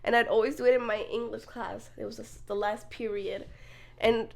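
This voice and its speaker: A young woman co-hosting a podcast, telling a story in casual chat, animated, laughing often and swearing freely. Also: fairly high pitch, normal speed, gravelly. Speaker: podcast co-host.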